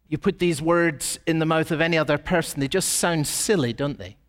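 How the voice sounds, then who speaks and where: A man preaching a sermon as pastor, telling a story and asking rhetorical questions, slowing down on emphatic phrases. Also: on the high side, in a large hall. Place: church.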